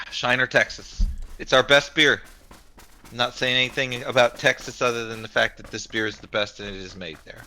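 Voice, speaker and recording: Blunt, bright-voiced casual man. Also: mid-range voice, steady tone, moderate pace, slight background noise, low-quality recording. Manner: blunt, matter-of-fact, swears freely. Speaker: streamer. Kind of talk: casual chat.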